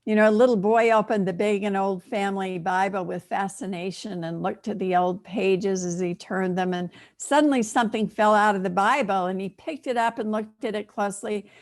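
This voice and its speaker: A middle-aged woman minister delivering a sermon, telling stories gently and with humor. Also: mid-range voice, steady tone, normal speed, hardly any pauses. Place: church sanctuary.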